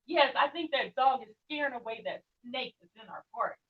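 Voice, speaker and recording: A woman's voice: high-pitched, expressive, fairly quick. A young woman leading a children's yoga class, playful and encouraging, with sing-song prompts. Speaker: kids yoga teacher. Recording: muffled sound, distant from the mic.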